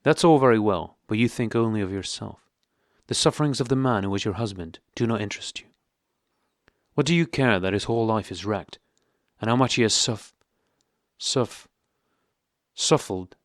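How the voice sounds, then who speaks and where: A man reading an audiobook voices a stiff, cold middle-aged husband, angry, clipped and squeaky. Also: fairly quick, dry recording, studio quality, close to an everyday voice. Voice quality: squeaky, higher than usual. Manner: angry, clipped, coldly emphatic.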